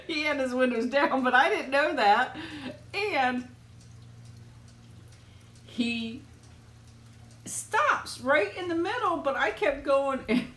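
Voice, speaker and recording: A woman's voice: high-pitched, fairly bright tone, echoey room. A woman hosting a casual live chat with viewers while eating. She tells stories in a chatty way and often laughs as she talks.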